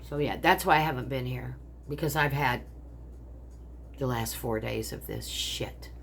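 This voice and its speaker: Her pitch is extremely low and her pace measured, with a slightly bright tone and a little background noise. An older US woman and vlogger, she angrily vents to her phone camera at home overlooking a pond, swearing bitterly about her family.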